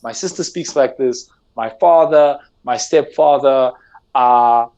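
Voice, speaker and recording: A South African gamer, guest on a podcast, speaks in a medium-pitched, slightly mellow voice at a slow pace, with a South African English accent. He's earnest and animated in this casual discussion, often repeating words to drive his point home. The audio is lo-fi.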